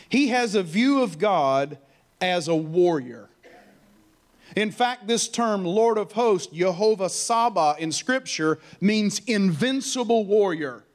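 A man preaching a sermon with animated call-and-response, sometimes mocking with stammers and silly voices. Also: takes it slowly. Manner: mocking stammer and high laughing voices for effect. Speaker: pastor.

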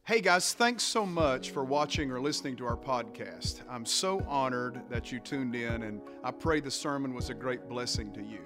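A male pastor speaking softly and gently as he closes his podcast with an invitation to prayer. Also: normal speed, hardly any pauses, music in the background. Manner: soft, low and gentle.

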